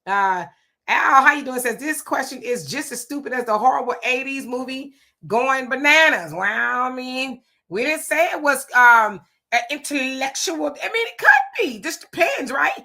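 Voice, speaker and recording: Bright, fairly high woman, casual livestream chat, laughing and playful. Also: lively intonation, moderate pace. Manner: laughing, playful, reads viewer comments aloud. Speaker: livestream co-host reading chat.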